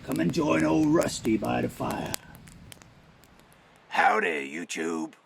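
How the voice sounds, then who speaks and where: A man voicing a grizzled old male wilderness wanderer, presenting bushcraft gear outdoors in a folksy, gravelly drawl. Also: mid-range voice, sing-song, takes it slowly, background noise, full character voice. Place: outdoors by a campfire.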